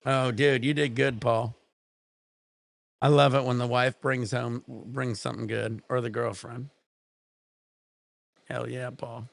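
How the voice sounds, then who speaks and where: Chill guy streaming at home, gravelly voice, dry close mic, rambles n swears. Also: medium pitch, flat delivery, slow, long pauses, dry recording. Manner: rambling, swearing, laid-back. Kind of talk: casual stream chat.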